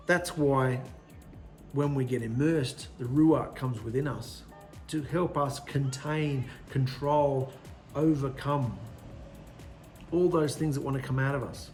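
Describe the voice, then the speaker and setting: A man delivering a sermon, forceful and deliberate, stressing one word after another. His voice sits at an ordinary middle pitch, and faint music plays underneath. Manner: emphatic, preaching in short, punchy lists. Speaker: preacher.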